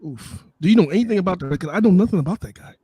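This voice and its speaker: A loud, joking American man co-hosting a football podcast, swearing freely. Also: high-pitched, lively intonation, rapid-fire, husky, no room sound. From United States. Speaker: podcast co-host. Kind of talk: sports podcast chat.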